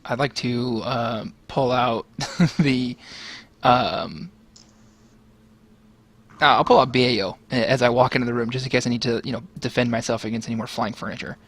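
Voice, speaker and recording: Mid-pitched man as a tabletop game player, halting and joking, casual. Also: steady tone, a bit bright.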